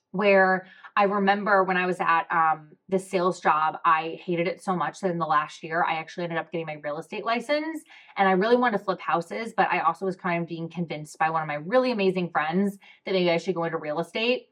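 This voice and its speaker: Frank, expressive woman telling her story. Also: fairly low pitch. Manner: frank and expressive, swears freely, quick asides. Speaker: podcast host. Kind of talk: candid personal storytelling.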